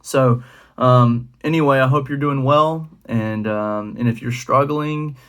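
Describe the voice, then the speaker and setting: A man's voice: medium pitch, unhurried, smooth. Casual young male youth pastor. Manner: relaxed and conversational, with many fillers. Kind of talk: casual devotional talk.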